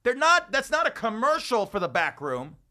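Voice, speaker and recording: A man's voice: extremely high pitch, normal speed. A man from Las Vegas, a comedian and podcast host, telling stories and ranting in a casual chat. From Las Vegas, USA. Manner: animated ranting storyteller.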